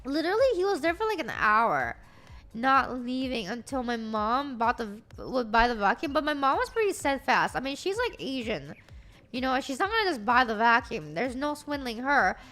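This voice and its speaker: A woman streamer chatting casually, telling stories in an animated, profane way. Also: a little high, normal speed, soft background music. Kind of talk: casual livestream chat.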